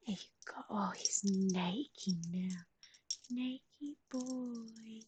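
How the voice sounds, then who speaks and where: A woman hosting a pet livestream in a whispered voice, cooing soft baby talk to her animal while chatting with viewers. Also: fairly high pitch. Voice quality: breathy whisper. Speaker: livestream host.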